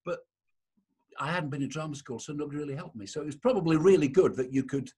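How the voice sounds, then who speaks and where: A man's voice: fairly high pitch, fast, darkish tone, breathy edge. A man from Yorkshire hosting a casual interview over a video call and asking encouraging questions. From Yorkshire, England. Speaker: interview host.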